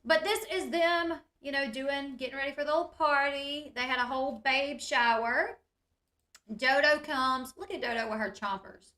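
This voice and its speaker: Bright-voiced chatty woman recapping TV. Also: sits high, moderate pace. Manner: chatty, addresses viewers as "you guys", lots of "like". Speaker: reality TV recap YouTuber. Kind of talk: casual reality-show recap.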